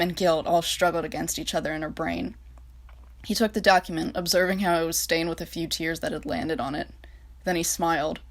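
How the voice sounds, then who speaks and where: A woman reading a fan-written story aloud, then chatting casually and self-mockingly about her ideas, with many fillers. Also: fairly low pitch. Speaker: storyteller and fan video maker.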